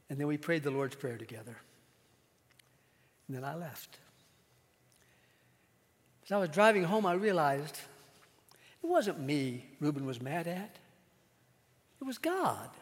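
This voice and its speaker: Man pastor telling a story in a sermon, kinda high voice, chatty with quiet asides, long hall echo. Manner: conversational, with pauses and quiet asides.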